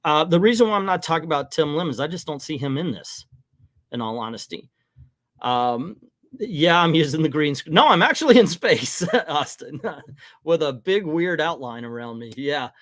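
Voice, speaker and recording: A man's voice: a little high, moderate pace, fairly bright tone, no echo, studio quality. A middle-aged man hosting a casual livestream, talking in a rambling, frank and hesitant way in front of a green screen. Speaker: livestream host.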